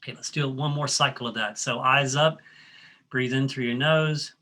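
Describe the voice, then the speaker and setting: A man presents a workshop in a steady, mid-range voice that sounds pushed and bright, at normal speed. He coaches the audience step by step through a guided breathing exercise and talk, friendly but with frequent ums and restarts.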